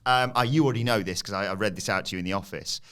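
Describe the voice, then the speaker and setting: A man's voice: lowish voice, rapid-fire, fairly bright tone, clear, resonant tone. A man co-hosting a casual wrestling podcast, reading a listener email aloud and laughing often. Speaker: podcast co-host.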